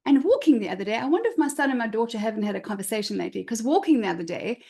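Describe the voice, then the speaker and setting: A middle-aged woman coach giving a motivational talk, expressive and emphatic, repeating her key words. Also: fairly high pitch, rapid-fire. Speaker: confidence coach.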